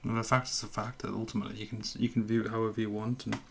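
A man's voice: fairly low pitch, little pitch movement, rapid-fire, vocal fry, slight background noise. A man co-hosting a casual podcast, matter-of-fact and dry. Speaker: podcast co-host. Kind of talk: casual chat.

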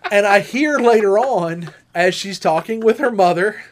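Co-hosting a podcast, this high-voiced man tells a personal story in relaxed, casual chat at a slightly slow pace. He's animated, and whenever he quotes a woman his voice jumps up into a squeaky register.

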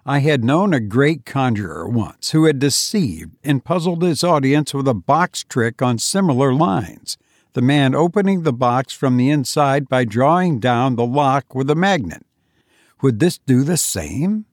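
A man reading an audiobook aloud in a measured, deliberate way. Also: medium pitch, animated, dry recording, studio quality. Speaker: narrator. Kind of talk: audiobook narration.

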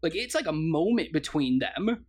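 A man's voice: fairly high pitch, big pitch swings, moderate pace, husky. A man co-hosting a casual movie review chat, eager and laughing often as he acts out lines from the film. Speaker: podcast co-host.

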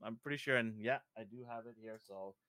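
In casual podcast chat, a middle-aged co-host from Fiji brings his stories to life by acting out their characters. He talks a little fast in a lowish voice, with slight hiss or hum on the recording.

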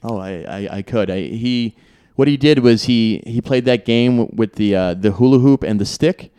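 A man playing a dim, cheerful young soldier from the First World War who keeps waking up in different battles, in an improvised comedy podcast, talking in a halting, stammering, deadpan way. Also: medium pitch, clean tone, natural voice. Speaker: improv guest in character.

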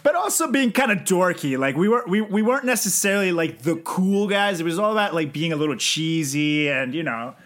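A man's voice: sits high, animated, brisk, hardly any pauses, a bit bright. A man co-hosting a podcast in casual chat, jokey and riffing with playful asides. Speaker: podcast co-host.

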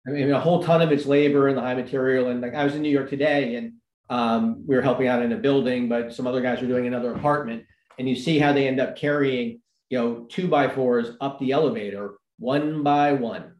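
Halting contractor man in an echoey room. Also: mid-range voice, steady tone, darkish tone. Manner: measured, halting with restarts, dry sarcasm. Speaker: building contractor. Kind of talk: casual panel conversation.

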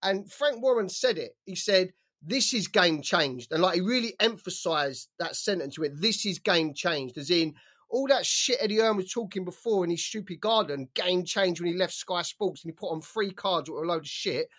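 Excitable British man chatting about boxing. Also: high-pitched, brisk, husky. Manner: excitable, swears freely, many fillers like "like". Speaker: boxing podcast co-host. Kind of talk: casual chat.

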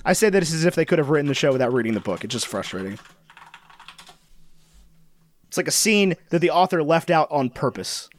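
A man's voice: a little high, big pitch swings, fast talker, slight background noise. A man co-hosting a podcast in casual, joking chat, rambling and breaking into accent impressions. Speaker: podcast co-host.

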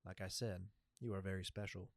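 A man voicing a calm, cryptic male jaguar spirit who speaks slowly and softly in a storybook reading. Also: low voice, no echo, clean studio sound, pitched below the performer's own voice. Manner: slow, deliberate and soft-spoken.

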